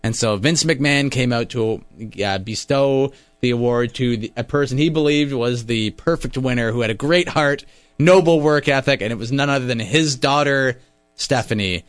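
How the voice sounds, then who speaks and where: A man co-hosts a casual radio chat and recaps events like a storyteller, slipping into quoted voices. His medium-pitched voice sounds dry and close. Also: normal speed, clean tone, no echo. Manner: lively storyteller, acts out quotes. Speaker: radio show co-host. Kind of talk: casual chat about wrestling.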